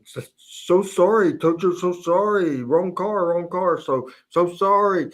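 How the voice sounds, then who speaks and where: A man doing a hot-headed old wrestler who talks in broken English, firing off short repeated phrases in a pitch pushed well above his own. He sounds worked up and a bit frantic. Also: slow, rough recording. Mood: apologetic. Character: excitable older male wrestler speaking broken English.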